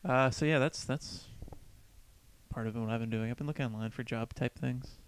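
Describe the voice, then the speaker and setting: A man's voice: mid-range voice, fairly even intonation, normal speed, clear, resonant tone, no echo. Rambling man co-hosting a podcast. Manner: rambling, swears casually, acts out quotes. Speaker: podcast co-host. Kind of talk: casual chat. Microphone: studio microphone.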